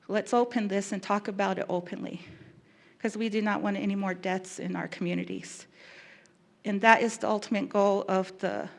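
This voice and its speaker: A woman who works as a victim specialist giving an earnest, emotional talk, pausing and restarting as she goes. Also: mid-range voice, vocal fry. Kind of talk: public talk.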